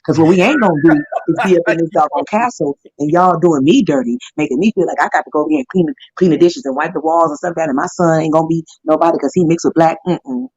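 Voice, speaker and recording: Woman, husky voice, podcast co-host, blunt slangy chat, dull lo-fi sound. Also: low voice, lively intonation, quick pace, few pauses, a little mellow. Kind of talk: casual chat. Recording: dull lo-fi recording.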